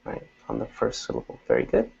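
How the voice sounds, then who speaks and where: A man's voice: on the low side, huge pitch swings, quick pace, vocal fry, a little mellow, slightly rough, muffled recording. A man teaching an English class, explaining patiently and repeating example words.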